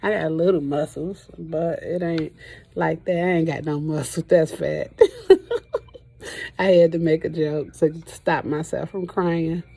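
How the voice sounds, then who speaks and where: A middle-aged woman talking to camera in a halting, emotional way, often pausing with "you know", as she speaks about her loss. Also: low voice, steady tone, gravelly, mellow, husky. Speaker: trucking vlogger and grieving mother. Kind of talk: personal testimony to camera.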